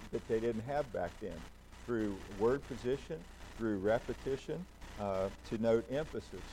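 A man's voice: lowish voice, dark tone, a little hiss or hum, poor audio. A man, a pastor, preaching a conversational sermon and putting questions to the congregation.

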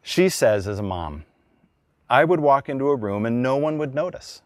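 Animated middle-aged male pastor preaching. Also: mid-range voice, moderate pace, no room sound, clean studio sound. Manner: conversational, acts out quotes. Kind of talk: sermon.

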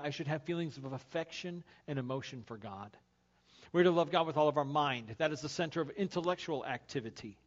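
A middle-aged male pastor giving a conversational sermon, telling a personal story with animated voices and then turning quiet and earnest to make his point. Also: a little high. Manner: animated storytelling, acting out his own road rage; turns quiet and earnest when making the point. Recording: dull lo-fi sermon recording.

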